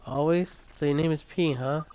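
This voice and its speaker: A man voicing an earnest young boy in a game, soft-spoken and sincere, his pitch a little raised. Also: fairly even intonation, normal speed, slight background noise, lightly acted, low-quality recording. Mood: curious.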